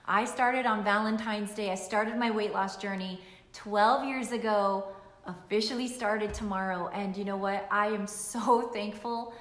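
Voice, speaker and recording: A middle-aged woman, a nutritionist, telling an emotional personal story to camera in an animated way, repeating phrases for emphasis. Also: medium pitch, a little slow. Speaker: nutritionist and weight-loss coach. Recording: echoey room.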